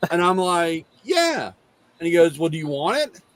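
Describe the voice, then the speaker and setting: A man's voice: a little high, brisk. A middle-aged man hosting a casual talk, rambling through a garage story and acting out both sides of the conversation. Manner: rambling, animated retelling with quoted dialogue. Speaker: host.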